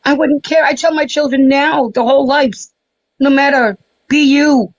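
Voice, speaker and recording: A woman's voice: sits high, fairly even intonation, moderate pace, no echo. An older woman calling into a live stream, talking in an emotional, effusive way. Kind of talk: casual chat. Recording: dull lo-fi stream audio.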